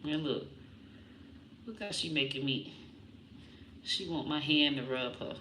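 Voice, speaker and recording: A woman vlogging casually to her viewers, animated and breaking into high baby talk with her dog. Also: measured pace, roomy sound, a little hiss or hum. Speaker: comedian vlogger talking about her puppy.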